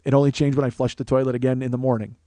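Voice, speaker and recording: A man spins a profane comic story on his podcast, laughing at his own jokes as he goes. His voice sits at an ordinary middle pitch. The sound is close and dry, right on a studio microphone. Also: level tone, very fast, dark tone, dry recording. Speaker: podcast host. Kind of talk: comedic storytelling monologue. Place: small studio, co-host close by.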